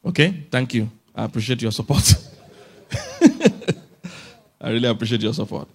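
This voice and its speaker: A man's voice: medium pitch, moderate pace, gravelly, husky. A man from Africa, a relationship expert giving a humorous motivational talk at a conference, coaxing his audience and chuckling often.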